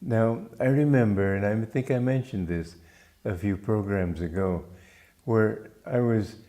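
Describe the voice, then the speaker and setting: A Romanian man, a spiritual teacher, gives a gentle, unhurried reflective talk with small restarts. His voice sits on the low side.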